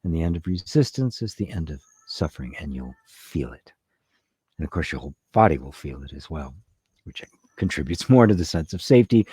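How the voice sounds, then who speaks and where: A man giving a spiritual talk and answering a live chat in a soft-spoken, conversational way, often asking "right?". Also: sits low, breathy edge, dry recording, clean studio sound. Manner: conversational, repeats words, says "right?" often. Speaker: spiritual teacher.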